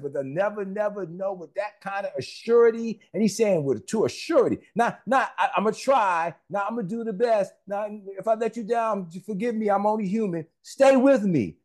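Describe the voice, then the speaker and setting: A man's voice: high voice, a little mellow. A man preaching a sermon, emphatic and repetitive, with conversational asides to the congregation.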